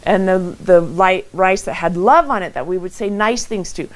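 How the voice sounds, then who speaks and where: A middle-aged woman giving a motivational talk from her own home and telling stories with lively acted quotes. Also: fairly low pitch, normal speed, poor audio. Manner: animated storytelling with acted quotes. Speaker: motivational speaker hosting a live event. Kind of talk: live-streamed motivational talk.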